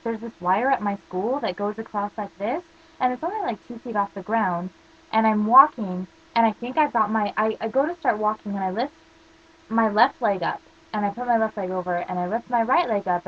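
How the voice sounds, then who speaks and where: A woman's voice: medium pitch, expressive, fairly quick, dull audio. A teenage girl ranting casually to camera, rambling through stories full of "like" fillers. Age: teens. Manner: rambling storytelling, constant "like" fillers. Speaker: vlogger.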